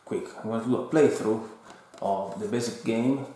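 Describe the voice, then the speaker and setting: A man with an Italian accent calmly reviewing a board game and explaining its rules, in an unhurried, slightly hesitant way. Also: lowish voice, a little hiss or hum. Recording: very echoey room.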